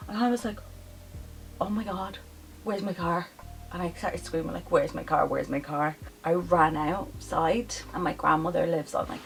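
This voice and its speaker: A young woman telling a story to her vlog audience in casual, animated chat, full of "like" fillers. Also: fairly low pitch, poor audio. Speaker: vlogger. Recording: voice a bit off-mic, faint music behind.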